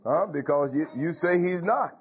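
Emphatic preaching man, fairly high voice. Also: lively intonation, moderate pace. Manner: emphatic preaching, frequent "Hallelujah" and "Huh?" asides, wide swings in pitch. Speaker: pastor. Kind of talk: sermon.

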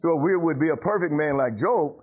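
Pastor preaching a fiery sermon. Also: male voice, on the high side, lively intonation, a little fast. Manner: exhorting, repeats phrases, asks "huh?" of the congregation. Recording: muffled lo-fi recording.

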